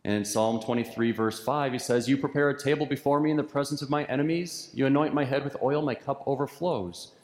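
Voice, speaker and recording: A man's voice: mid-range voice, fairly even intonation, a little fast, hardly any pauses, a little mellow. Man preaching in an echoey church. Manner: earnest, repetitive preaching cadence. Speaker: pastor. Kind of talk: sermon. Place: church sanctuary. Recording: echoey church hall with long reverb.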